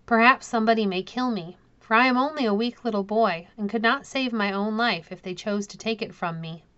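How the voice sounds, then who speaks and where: A woman voicing a gentle, frightened young boy who pleads earnestly, in a storybook reading. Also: on the high side, brisk, dry recording, dull audio, lightly acted.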